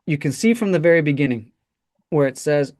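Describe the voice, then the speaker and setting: A teacher leading a classroom pronunciation lesson, modeling words slowly and checking in with "right?" often. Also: mid-range voice, expressive, darkish tone.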